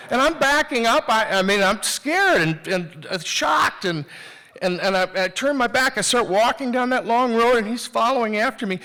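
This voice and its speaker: A man's voice: extremely high pitch, expressive, normal speed, sharp tone. A man telling a personal story live on a theater stage, candid and self-mocking, talking conversationally with restarts.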